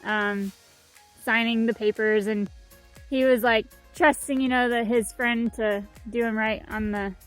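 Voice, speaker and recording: Chatty young woman with a higher voice. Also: fairly even intonation, unhurried, soft background music. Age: young adult. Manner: chatty, many fillers like "like" and "um". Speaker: vlog co-host. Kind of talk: casual storytelling chat.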